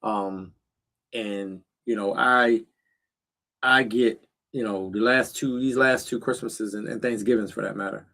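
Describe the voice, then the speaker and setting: This middle-aged man speaks a little slowly in a lowish, creaky voice that still sounds pushed and bright, with fairly even intonation. As a livestream host in a cold backyard shed, he chats casually and directly with viewers, leaning on slang and fillers.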